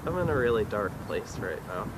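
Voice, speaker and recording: A man doing a stand-up comedy set in an awkward, hesitant, deadpan way, with lots of fillers. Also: fairly low pitch, fairly quick, heavy background noise. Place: live comedy venue.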